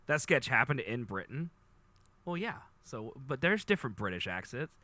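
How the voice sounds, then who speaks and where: A man in his thirties chatting playfully to his live stream audience, rambling and animated. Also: medium pitch, moderate pace, a little hiss or hum. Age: 30s. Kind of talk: casual chat to live chat.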